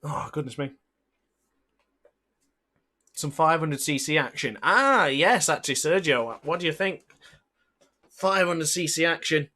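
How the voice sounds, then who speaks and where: A man's voice: a little high, normal speed. A man, a gaming streamer who calls his own race like a sports commentator and breaks into frustrated outbursts. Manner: excitable, mock race-caller, bursts into frustrated outbursts. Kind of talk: livestream gameplay commentary.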